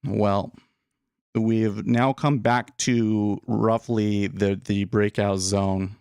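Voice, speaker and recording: A man's voice: fairly low pitch, little pitch movement, very slow, a little mellow, clear, resonant tone, no room sound, studio quality. A man hosting a live day trading stream, thinking aloud and rambling in a casual, self-deprecating way. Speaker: day trading livestream host. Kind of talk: live market commentary.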